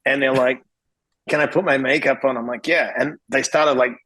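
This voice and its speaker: A middle-aged man from Western Australia, an interventionist guest telling blunt, animated stories in a casual interview. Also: moderate pace, low-quality recording. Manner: blunt, animated, swings pitch when quoting himself.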